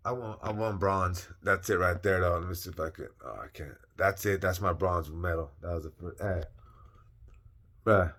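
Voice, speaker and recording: A young man casually telling a personal story, animated and slangy, repeating phrases for emphasis. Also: sits low, normal speed. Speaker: vlogger.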